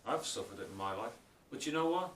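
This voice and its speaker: A man's voice: sing-song, a bit bright. Reflective man telling stories, distant and roomy. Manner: storytelling, reflective, often slows for emphasis. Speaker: author and speaker. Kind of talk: spiritual talk. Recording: roomy, distant mic, faint rumble.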